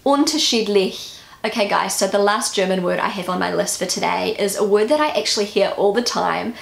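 Woman, New Zealand English accent, gravelly fry, casual vlog, self-critical, musing aloud, echoey room. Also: medium pitch, fairly quick. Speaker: vlogger. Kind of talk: casual vlog, pronunciation practice.

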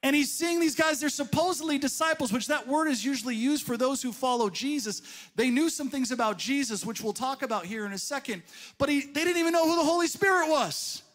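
A man pastor preaching a sermon in a church, telling a personal story in a conversational way, swelling to emphatic peaks and dropping to a hushed aside. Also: very high-pitched, a little fast. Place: church sanctuary.

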